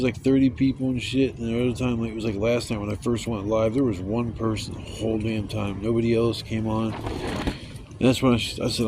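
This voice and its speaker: A man's voice: on the low side, background noise. A man telling rambling, profane stories in a casual vlog. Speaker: vlogger. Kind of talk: casual storytelling.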